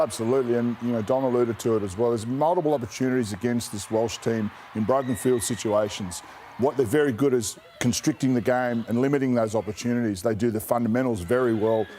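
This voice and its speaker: Mellow-voiced man analysing rugby. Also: mid-range voice, slight background noise. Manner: measured, analytical, tag questions. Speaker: co-commentator. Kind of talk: sports commentary.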